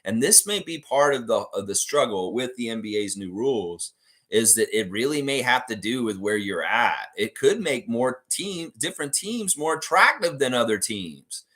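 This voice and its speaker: A man's voice: medium pitch, lively intonation, normal speed, a bit bright. A Canadian man hosting a casual live stream, reading out viewer comments and rambling with many fillers and self-corrections. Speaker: podcast host.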